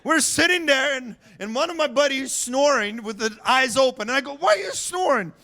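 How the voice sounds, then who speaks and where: A man preaching a sermon as pastor, telling stories in a lively way, laughing and acting out what people said. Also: very high-pitched, moderate pace. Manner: animated storytelling with laughter and acted-out voices. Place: church sanctuary.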